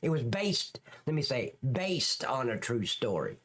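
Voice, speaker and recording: A man hosts a live stream, rambling loosely and crudely while reading and answering viewers' comments. His mid-range voice is sing-song and fairly bright, at a measured pace, with slight background noise.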